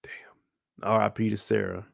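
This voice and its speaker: A man giving a casual recap of a TV episode in animated, heavily slangy talk, swearing freely. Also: lowish voice, unhurried, creaky. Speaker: show recap youtuber.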